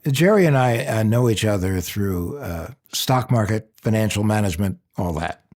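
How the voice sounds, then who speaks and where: Lively-voiced man co-hosting a podcast. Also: fairly low pitch, moderate pace. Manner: lively, jokey. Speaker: podcast co-host. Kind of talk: casual podcast chat.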